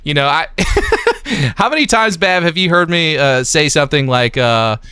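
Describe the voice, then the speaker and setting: Man, stream host, bright voice, crisp, dry close mic, casual filler-heavy chat. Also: fairly high pitch, expressive, unhurried, no room sound. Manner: easygoing, chatty, lots of fillers. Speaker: livestream host.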